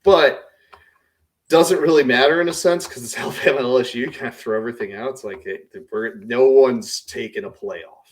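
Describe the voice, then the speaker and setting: A man's voice: mid-range voice, a little fast. A man co-hosting a casual sports podcast, enthusiastic and emphatic about his picks. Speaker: podcast co-host.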